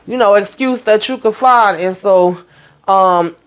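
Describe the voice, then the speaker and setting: A woman retells a TV episode in a loose, chatty recap. She keeps slipping into the characters' lines, and her pitch stays lively. Her voice sits at a middle pitch for a woman. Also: measured pace. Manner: animated storytelling, acts out characters' quotes, frequent fillers. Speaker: TV recap host.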